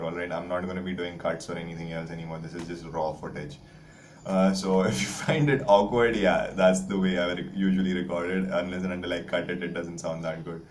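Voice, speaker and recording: A man's voice: deep voice, a little hiss or hum. A young man, teaching a literature lesson in a rambling, casual way full of "like" and "uh". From India. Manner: chatty, rambling, frequent "like" and "uh" fillers. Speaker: English teacher.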